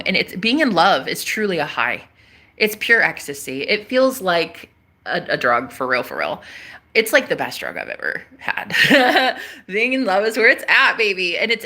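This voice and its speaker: Woman vlogger, bright and forceful tone, excitable, emphatic, sweary, casual monologue to camera. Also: medium pitch. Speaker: spiritual vlogger.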